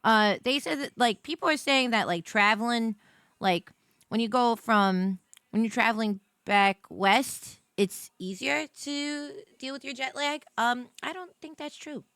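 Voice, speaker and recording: An American woman streamer chatting casually on a live stream, jet-lagged and tired, rambling with many fillers and bursts of excitement. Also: on the high side, unhurried, clean tone, dry recording, clean studio sound. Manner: excitable, rambling, many fillers, swings between mumbling and squealing.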